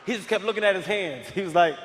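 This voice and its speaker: A man doing stand-up comedy, telling stories in a loud, animated way and often shouting. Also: sits high, fast, slight background noise. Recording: live hall reverb, faint crowd ambience.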